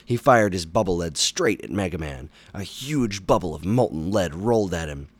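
A man with a very low voice reads a children's adventure book aloud. His storytelling is animated and dramatic, pushing up for exciting moments. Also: moderate pace, no room sound. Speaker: storybook reader. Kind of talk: audiobook narration for children.

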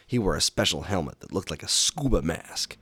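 A man with a very low voice reads a children's adventure book aloud. His storytelling is animated and dramatic, pushing up for exciting moments. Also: brisk, slightly rough, no room sound. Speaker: storybook reader. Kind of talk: audiobook narration for children.

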